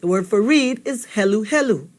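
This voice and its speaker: A woman teacher talks a learner through a spoken lesson. She speaks at a mid pitch, patient and encouraging, and keeps checking in with a quick "okay?". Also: lively intonation. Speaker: language teacher.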